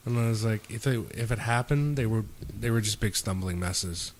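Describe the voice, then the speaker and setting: A young man with a fairly low voice spins a rambling, profane story in loose podcast chat. He jumps into the quoted lines of the people in his tale, and wanders off on tangents as he goes. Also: a little fast, hardly any pauses, slight background noise. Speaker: podcast host.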